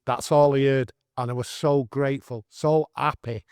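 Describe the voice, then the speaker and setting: A man in his sixties with a Manchester accent, telling his story in an earnest, animated way with broad northern dialect. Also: mid-range voice, moderate pace, clean tone, no room sound, clean studio sound. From England. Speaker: guest storyteller. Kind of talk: casual storytelling interview.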